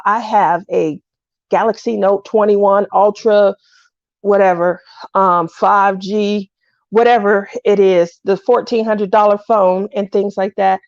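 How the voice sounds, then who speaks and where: A woman's voice: medium pitch, vocal fry, no room sound. A woman hosting a casual craft livestream, chatting to her viewers in a rambling way and laughing often. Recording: dull, lo-fi dry sound.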